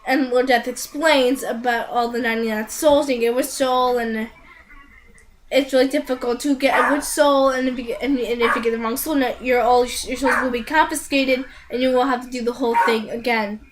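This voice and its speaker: A woman's voice: a little high, steady tone, a little fast, background noise. A woman casually recapping an anime, rambling with many fillers and restarts and sounding incredulous. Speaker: vlogger reviewing an anime.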